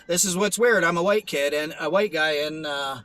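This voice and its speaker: Bright, high-voiced man telling a testimony. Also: moderate pace, dry recording, soft background music, rough recording. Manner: rambling, earnest, full of restarts and fillers. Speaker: testimony vlogger. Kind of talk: personal testimony monologue.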